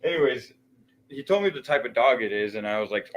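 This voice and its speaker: A man's voice: medium pitch, lively intonation, a little fast, low-quality recording. A man chatting casually on a live stream, telling a rambling, profane story with frequent restarts.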